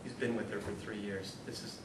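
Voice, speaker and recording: A man gives a lively, self-mocking talk to an audience and shifts into reading passages aloud. His voice carries through a reverberant room, picked up from some distance. A low rumble of noise sits underneath. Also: a little fast. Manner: animated, self-deprecating storyteller, laughs often. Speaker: speaker at a ministry talk series. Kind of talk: humorous spiritual talk with read-aloud passages.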